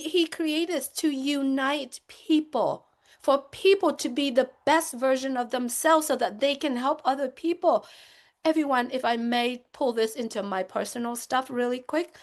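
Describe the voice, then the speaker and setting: A woman speaking as a panelist on a webinar, giving an impassioned, emphatic talk that circles back to its points. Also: high voice. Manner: emphatic, repetitive, lecturing.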